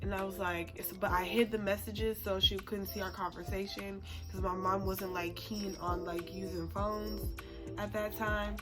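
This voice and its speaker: A woman's voice: mid-range voice, flat delivery, normal speed. A woman in her twenties telling a personal story to camera in a chatty way, with lots of "like" fillers and laughs at herself. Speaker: storytime vlogger. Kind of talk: casual storytelling. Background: background music.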